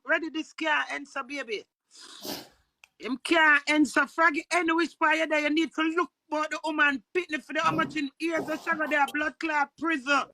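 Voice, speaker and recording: High-voiced Jamaican woman ranting. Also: dry recording. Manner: impassioned, swears often, bursts into shouting. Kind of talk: emotional livestream rant.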